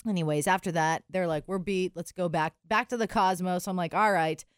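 A woman's voice: lowish voice, fairly even intonation, a little fast, smooth, no room sound, studio quality. A woman in her thirties telling a story in casual chat, acting out the people in it.

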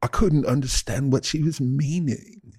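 A man co-hosting a comedy podcast, rambling with a deadpan, mock-serious manner. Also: mid-range voice, unhurried, husky, no room sound, studio quality. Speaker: podcast co-host. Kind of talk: casual comedic chat.

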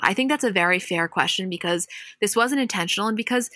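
A woman hosting a podcast, recapping a show with animated, dramatic storytelling. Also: mid-range voice, brisk, dry recording, studio quality. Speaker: podcast host. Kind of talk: casual recap chat.

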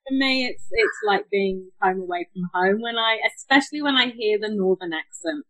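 A woman's voice: mid-range voice, animated, normal speed, fairly bright tone, poor audio. Chatty northern English woman. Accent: northern English, slightly New Zealand. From England. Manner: chatty, with frequent small restarts. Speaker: guest, web developer. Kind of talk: casual interview chat.

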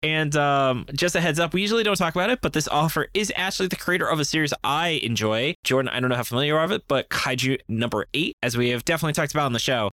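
Bright-voiced, chatty podcast co-host. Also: male voice, a little high, rapid-fire, hardly any pauses, dry recording, studio quality. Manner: laughs often, chatty, informative. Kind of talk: casual podcast chat.

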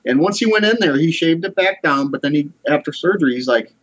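A man's voice: on the high side, expressive, fast, dull audio. A man in his forties earnestly telling a personal story in a casual conversation. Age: 40s. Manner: earnest, heartfelt.

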